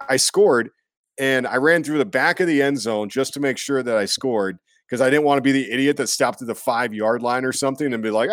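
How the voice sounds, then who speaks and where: Rambling man in casual sports chat. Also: no room sound. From Iowa. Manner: rambling, lots of fillers, jumps into high goofy voices for quotes.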